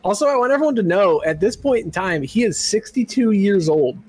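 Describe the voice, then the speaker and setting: A man co-hosting a casual podcast animatedly recaps a wrestling show, laughing often and shouting impressions. His voice is high, brisk, and slightly rough. The recording is dry and the audio is poor.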